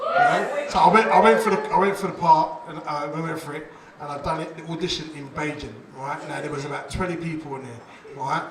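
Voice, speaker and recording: A man performing a stand-up comedy set on a club stage, animated and laughing, shouting his punchlines. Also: on the high side, brisk, very noisy. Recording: echoey club room, distant mic, loud crowd.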